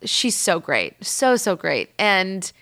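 A woman podcast host telling a rambling personal story in casual chat, with lots of "like" and lively acted-out quotes. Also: mid-range voice, takes it slowly. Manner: chatty and rambling, heavy use of "like"; lively, acts out quoted people.

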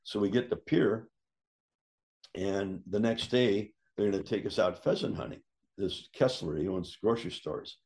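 Lively storytelling man, lowish voice. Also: moderate pace, gravelly. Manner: animated, acts out quoted voices with big pitch jumps. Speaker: storyteller guest. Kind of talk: casual anecdote telling.

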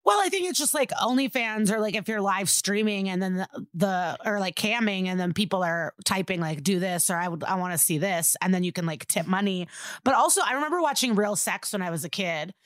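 A woman's voice: mid-range voice, animated, fairly quick, no echo, clean studio sound. Wry laid-back woman co-host. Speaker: podcast co-host. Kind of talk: casual chat.

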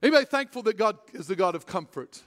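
Male pastor, high voice, excited sermon delivery with quiet tender dips, in a church hall with a long reverb tail. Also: fast. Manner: swings from loud excited preaching to hushed tender speech.

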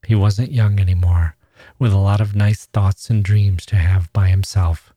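A man, a podcast host, reading a classic short story aloud in a measured, even way. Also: low-pitched, husky, no echo, studio quality.

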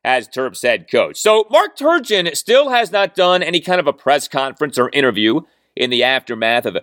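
A man's voice: medium pitch, sing-song, normal speed, a bit bright, no echo, studio quality. A man in his forties hosting a sports talk podcast, delivering an emphatic, argumentative opinion monologue and often asking "okay?". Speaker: podcast host.

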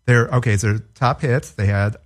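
A man's voice: medium pitch, moderate pace. A man in his forties co-hosting a casual podcast, dry and teasing, quizzing his co-host and tripping over words. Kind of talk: casual chat.

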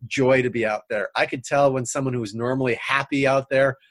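A man guest on a coaching talk show, calmly explaining his personal philosophy like a trainer. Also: mid-range voice, a little fast, no echo. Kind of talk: conversational interview.

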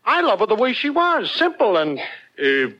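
An actor playing a lazy, work-shy, wisecracking boyfriend in a 1940s radio comedy. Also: male voice, sits high, huge pitch swings, normal speed, pushed and bright, muffled recording, full character voice. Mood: sly. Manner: wisecracking, sly. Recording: scratchy old radio recording.

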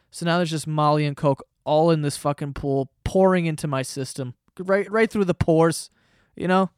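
Young man, casual podcast monologue, profane, excitable, rambling, slightly high pitch. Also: moderate pace, clear, resonant tone, no room sound, studio quality. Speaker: podcast host.

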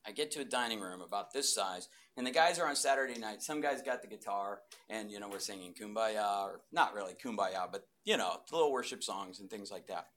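Animated man telling his testimony. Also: lowish voice, a little fast, hardly any pauses. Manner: animated storyteller, voice swinging from loud bursts to hushed asides. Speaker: speaker giving a testimony. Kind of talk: testimony talk to a live audience.

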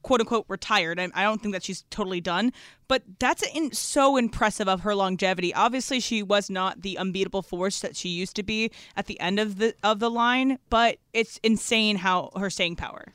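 A woman producer joining the casual banter on a sports radio show, chiming in with quick opinions. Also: mid-range voice, fairly bright tone, clean tone, no room sound, studio quality.

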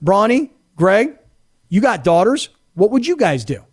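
A middle-aged man hosting sports talk radio, telling a story in an animated, indignant way. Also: sits high, a little slow, slightly rough. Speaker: radio host.

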